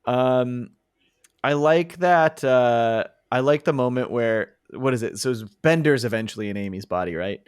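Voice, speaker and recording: Laughing, enthusiastic man podcaster, smooth voice. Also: mid-range voice, normal speed, no echo, clean studio sound. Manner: enthusiastic, laughs often, quotes lines from the show. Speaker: podcast co-host. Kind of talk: casual chat.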